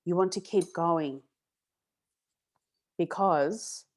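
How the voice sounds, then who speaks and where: A woman's voice: on the low side, drawn-out words. Chatty woman coaching a webinar. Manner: chatty, animated, often asks "yeah?" and "okay?". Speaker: webinar host and emotional healing coach. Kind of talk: casual talk to a webinar audience.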